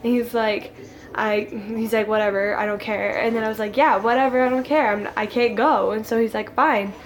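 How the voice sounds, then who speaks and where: A woman's voice: mid-range voice, steady tone, moderate pace. A teenage girl telling a story to camera at a friend's home, rambling with lots of "like" fillers and laughing. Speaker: vlogger. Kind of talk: casual storytime.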